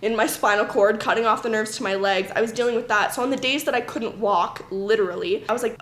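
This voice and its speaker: A woman podcast host telling stories in an animated way, laughing often. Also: a little high, brisk, few pauses. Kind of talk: storytelling chat. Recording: roomy echo.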